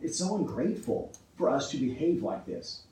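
A man's voice: mid-range voice, very animated, normal speed, mellow, echoey room, far from the mic, poor audio. A man preaching a sermon with emphasis, often asking his listeners rhetorical questions and checking in with "right?".

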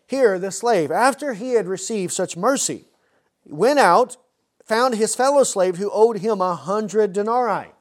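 Man preaching, slightly high voice, earnest, rhetorical questions, keeps asking "right?". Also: lively intonation, unhurried. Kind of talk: expository sermon.

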